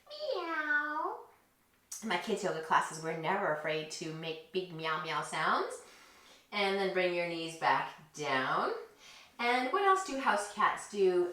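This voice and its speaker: A woman leading a children's yoga story, talking in a gentle, encouraging and playful way. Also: medium pitch. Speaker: kids yoga teacher. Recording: echoey room, distant mic.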